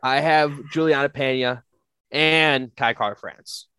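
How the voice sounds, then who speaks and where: Young guy cohosting a podcast, excitable, cusses a lot, dry close sound. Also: medium pitch, measured pace, clean tone, no room sound. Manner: excitable, swearing, bursts into shouts. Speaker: podcast co-host. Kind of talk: casual chat.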